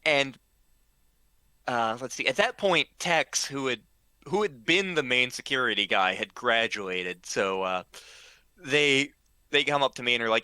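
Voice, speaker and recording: A man's voice: medium pitch, expressive, bright, forceful tone, clean tone, dry recording. A man telling a casual story, full of ums and restarts and acting out what people said. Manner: halting, full of ums and restarts, acts out quoted lines.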